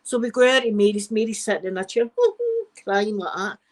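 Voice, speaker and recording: A woman's voice: medium pitch, normal speed, low-quality recording. A middle-aged Scottish woman, the channel host, telling a rambling, frank story in a casual live stream and swearing freely.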